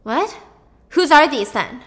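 A woman's voice: high-pitched, lively intonation, slow pace, a bit bright, in a large hall, pitched above the performer's own voice, exaggerated voice. A woman voicing a stressed, controlling older brother who sounds urgent and exasperated while retelling a story.

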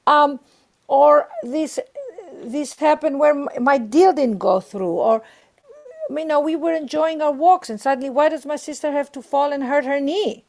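A middle-aged woman with a somewhat high voice and plenty of vocal fry speaks as a guest in an interview. She talks earnestly and with emphasis, voicing the feelings she describes as if speaking them herself. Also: a little slow. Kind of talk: warm spiritual interview talk.

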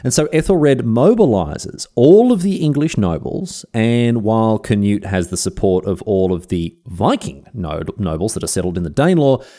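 Aussie guy yarning about history, slangy and chatty, warm mellow voice. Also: fairly low pitch. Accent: Australian. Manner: chatty, slangy, animated storytelling. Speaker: history podcast host. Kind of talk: casual history narration.

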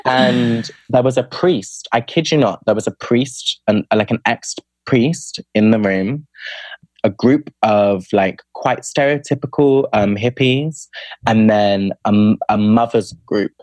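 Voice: mid-range voice, takes it slowly, a little mellow, no room sound. A young adult spoken word poet, a guest on a podcast, telling stories casually and filling speech with "like". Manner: chatty, fills speech with "like", acts out quoted friends. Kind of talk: casual storytelling interview.

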